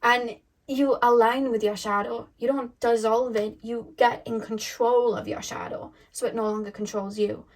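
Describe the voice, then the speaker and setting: A woman's voice: fairly high pitch, flat delivery, moderate pace, few pauses, a little mellow. A woman tarot reader telling a spiritual story to camera in a rambling, emphatic way. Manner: rambling, emphatic, lots of fillers and restarts.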